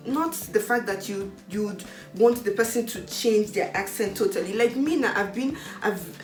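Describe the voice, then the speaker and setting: A woman with a Nigerian accent, talking in an outspoken, animated way in a casual chat. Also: medium pitch. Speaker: host. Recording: echoey room with faint music.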